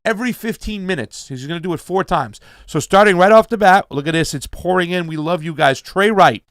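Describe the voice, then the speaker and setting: His voice sits high and a bit bright, animated and a little fast, with studio-quality sound and no room tone. Hosting a casual livestream, he's hyped, reads donor names, thanks them, calls viewers fam, and urges sharing.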